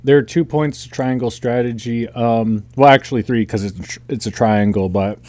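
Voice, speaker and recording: A man's voice: medium pitch, normal speed, darkish tone. A man co-hosting a casual podcast, jokey, with fillers and frequent laughs. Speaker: podcast co-host. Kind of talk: casual chat.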